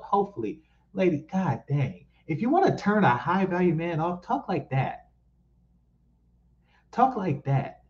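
Speaking at a moderate pace in an expressive, fairly high voice, a commentary host from East Oakland, California, reacts to clips on a muffled recording. He rants bluntly, mocks what he sees, and keeps repeating points for emphasis.

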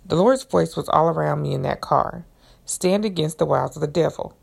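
A woman podcast host reading a devotional book aloud in an earnest, measured way, then adding her own comments. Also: deep voice, vocal fry, husky.

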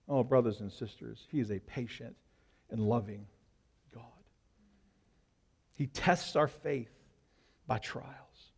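A male pastor preaching an impassioned sermon, swinging between loud, urgent lines and hushed ones. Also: on the high side, animated, slow pace, pauses often, in a large hall.

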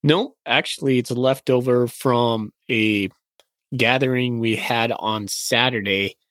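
A man's voice: mid-range voice, fairly even intonation, measured pace, a bit bright, dry recording. An easygoing man co-hosting a podcast, with a mid-range voice and a self-deprecating way of talking. The sound is dry and close. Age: adult. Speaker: podcast co-host. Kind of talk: casual podcast chat.

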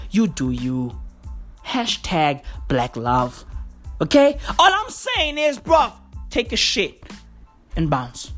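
Profane ranting woman. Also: fairly low pitch. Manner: swearing, exaggerated, animated and slangy. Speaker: comedian. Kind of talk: profane comic rant.

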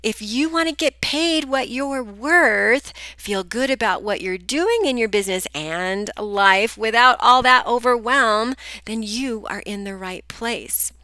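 A woman's voice: on the high side, a little slow, hardly any pauses, bright, forceful tone, no echo. A middle-aged woman hosting a solo coaching podcast, chatty and upbeat, speaking straight to her listeners, a bit groggy today. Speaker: podcast host, business coach.

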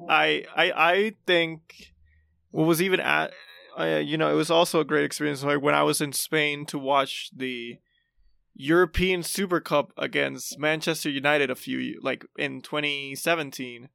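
A man's voice: fairly high pitch, steady tone, moderate pace, creaky, pushed and bright, smooth, no echo, studio quality. A man in his twenties telling stories in casual chat, stumbling over restarts and fillers.

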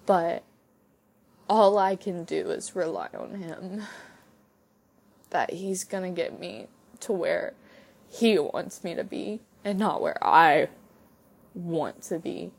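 Young woman, podcast host, tearful, halting heartfelt testimony, unhurried delivery. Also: on the low side, creaky, husky. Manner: halting and heartfelt, with soft laughs. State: tearful from crying. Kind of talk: personal faith testimony.

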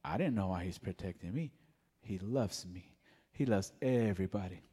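Soft-spoken man in a reverberant hall. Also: low voice, moderate pace, slightly rough. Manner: mellow, soft-spoken storytelling. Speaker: church member giving testimony. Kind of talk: personal testimony. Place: church sanctuary.

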